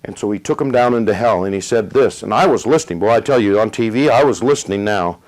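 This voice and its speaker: A middle-aged man preaching a sermon, retelling a story with dramatic pauses and rising emphasis. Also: lowish voice, darkish tone, poor audio. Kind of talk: sermon testimony.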